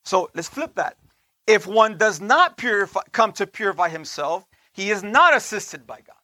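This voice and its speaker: A man giving a conversational sermon, often checking in with listeners with "right?", slowing down on key points and dropping into soft asides. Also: sits high, sing-song, no echo. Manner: slows down to stress points, laughs between lines. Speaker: teacher of a Torah portion.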